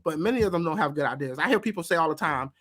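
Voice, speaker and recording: A man's voice: fairly high pitch, expressive, rapid-fire, fairly bright tone. A man hosting a panel debate, talking in an earnest, impassioned way and often repeating words as he starts a thought. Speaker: show host.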